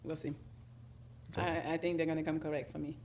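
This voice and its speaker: A woman's voice: sits low, flat delivery, fast talker, a little mellow, slight background noise. A woman in a casual, giggly chat, teasing and laughing often.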